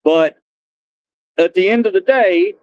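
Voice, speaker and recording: A man's voice: sits high, expressive, slow, highs cut off, slight background noise. Rambling man chatting on a live stream. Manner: rambling, repeats and restarts phrases. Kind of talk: casual live-stream chat.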